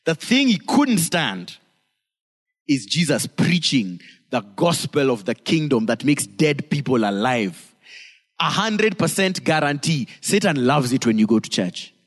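A man preaching a sermon as pastor, emphatic, with sudden swings into high, dramatic delivery. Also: sing-song, measured pace. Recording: long reverb of a church hall.

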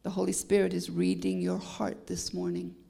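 A woman's voice: on the low side, flat delivery, normal speed, gravelly, warm tone. A woman from Canada with a Canadian accent, a guest preacher delivering a sermon with emphatic rising peaks and bits of humor.

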